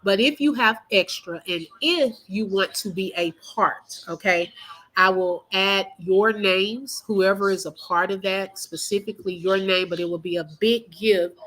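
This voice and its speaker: A woman's voice: mid-range voice, a little slow, fairly bright tone, rough recording. Emotional woman hosting a livestream. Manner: emotional, talks straight to viewers and reads comments. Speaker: livestream host. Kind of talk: casual livestream chat.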